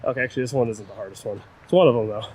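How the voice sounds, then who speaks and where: A young hiking vlogger rattles off rapid-fire, self-deprecating chatter to viewers as he pants along a rocky trail. His voice is medium in pitch, darkish and husky. Wind hits the camera-mounted shotgun mic during this casual outdoor narration.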